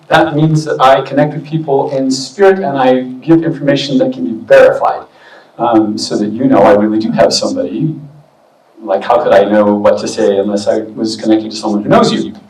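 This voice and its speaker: A man giving a relaxed, chatty talk as a medium to an expo audience, with many fillers. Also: mid-range voice, fairly quick, distant mic. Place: expo hall. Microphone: booming handheld or stand mic. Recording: echoey hall, mic heard from afar.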